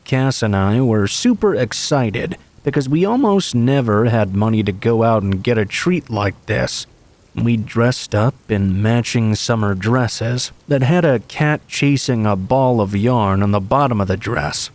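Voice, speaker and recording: A man's voice: on the low side, a little mellow. A man hosting a channel, reading true scary stories aloud in a casual, friendly delivery. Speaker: host and story narrator.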